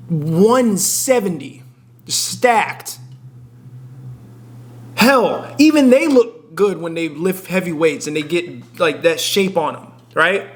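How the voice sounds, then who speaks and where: A young man giving blunt, profane fitness advice straight to camera, emphatic and often cutting himself off mid-sentence. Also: a little high. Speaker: fitness content creator. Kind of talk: casual direct-to-camera advice.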